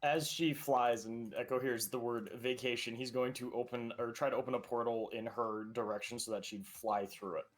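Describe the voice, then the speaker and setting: A man's voice: medium pitch, fairly even intonation, moderate pace, hardly any pauses. A man playing a tabletop game, asking hesitant questions. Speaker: player. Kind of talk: casual tabletop play.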